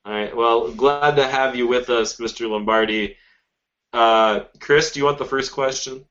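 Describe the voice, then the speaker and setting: A man's voice: mid-range voice, fairly even intonation, moderate pace, fairly bright tone. A man hosting a comedy podcast, playful, with a mock-announcer tone. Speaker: podcast host. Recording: dull lo-fi podcast audio.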